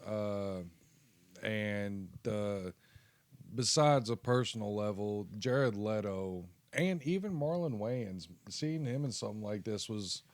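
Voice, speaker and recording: A man co-hosting a casual movie podcast, speaking earnestly and in a measured way about films that mean a lot to him. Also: on the low side, animated, dry recording. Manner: earnest and measured, with fillers and restarts. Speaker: podcast co-host. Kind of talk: casual movie ranking chat.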